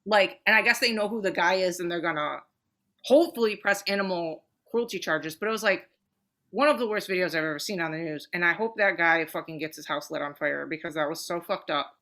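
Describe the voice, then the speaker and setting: Podcast co-host lady, bright voice, swears a lot, fired-up storytelling. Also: fairly low pitch, brisk. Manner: animated, profane storytelling. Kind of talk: casual chat.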